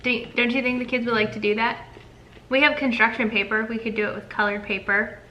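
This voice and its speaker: A woman's voice: on the high side, level tone, fairly quick, muffled recording, slight background noise. A young woman co-hosting a casual chat, talkative and upbeat. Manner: chatty and upbeat. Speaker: co-host.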